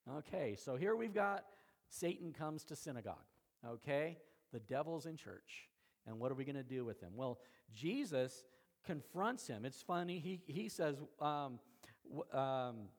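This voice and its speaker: A man delivers a Sunday sermon with a somewhat high-pitched voice. He preaches in a conversational way and keeps checking in with his listeners. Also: sing-song, unhurried. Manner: conversational preaching, frequent "okay?" check-ins. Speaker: pastor.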